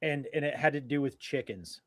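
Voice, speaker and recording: A man's voice: medium pitch, normal speed, no echo. Male co-host, loose, self-mocking banter, dry close mic. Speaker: co-host of a live stream. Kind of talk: casual chat.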